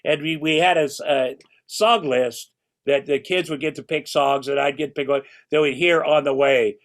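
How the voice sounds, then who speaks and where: A man's voice: on the high side, steady tone, normal speed. Older male guest in his sixties, loose and rambling, casual talker. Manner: rambling, restarts, swears casually. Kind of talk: casual chat.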